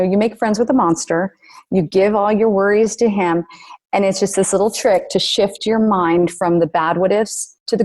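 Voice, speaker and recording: Earnest, animated woman author, guest on a podcast. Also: mid-range voice. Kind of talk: podcast interview.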